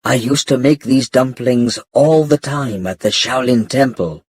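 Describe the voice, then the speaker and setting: A man voicing an old Chinese monk with a Chinese accent who speaks slowly and quietly, in a storybook reading. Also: mid-range voice, husky, dry recording, studio quality. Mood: gentle. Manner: slow, quiet, measured. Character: old Chinese male monk, calm, exacting.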